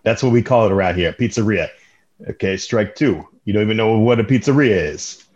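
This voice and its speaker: A man's voice: fairly low pitch, a little fast, a little mellow, highs cut off, natural voice. A man improvising a pushy male pizzeria cook who questions an intruder. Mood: pushy, needling. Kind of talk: improv scene.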